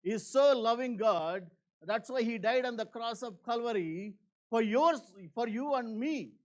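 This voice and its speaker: A man preaching a church sermon in an earnest, repetitive way, with many fillers, swinging between emphatic and hushed. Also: very high-pitched, a little slow, highs cut off. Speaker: pastor.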